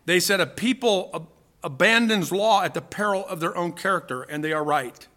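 A man's voice: high voice, normal speed, bright, forceful tone. A man preaching a sermon to his congregation, emphatic and full of rhetorical questions. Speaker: pastor.

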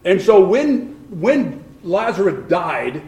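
A man's voice: high voice, big pitch swings, slow pace, a little mellow. A man preaching a sermon who keeps questioning his congregation and repeats points for emphasis. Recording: echoey room.

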